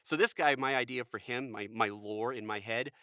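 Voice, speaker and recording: American guy voice actor, bright forceful tone, dry close sound, lots of fillers. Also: medium pitch, normal speed, smooth, no room sound. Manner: animated, jokey, full of fillers. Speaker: voice actor guest. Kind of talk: casual podcast chat.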